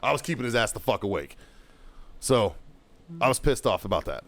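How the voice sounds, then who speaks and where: A middle-aged man, a podcast host, telling a profane story in casual chat, shouting when he quotes himself. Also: mid-range voice, very animated, a little fast.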